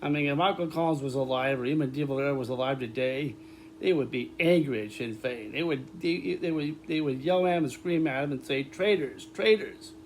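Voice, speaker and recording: A man talking in a rambling, casual monologue to his viewers, repeating words, restarting sentences and breaking into loud laughter. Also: medium pitch, a little fast, slight background noise. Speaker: vlogger.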